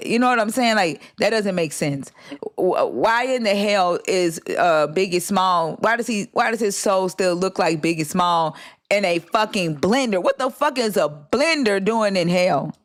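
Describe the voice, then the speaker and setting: This is a livestream host in casual chat, telling a story with lots of swearing. They talk at a middle pitch and act out each line of quoted dialogue. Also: a little slow. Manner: profane, animated storytelling.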